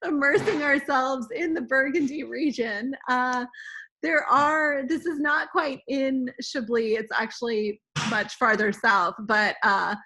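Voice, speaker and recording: A woman hosting a casual travel chat, halting and full of ums and uhs. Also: fairly high pitch, pushed and bright. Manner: halting, many "um" and "uh". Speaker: host.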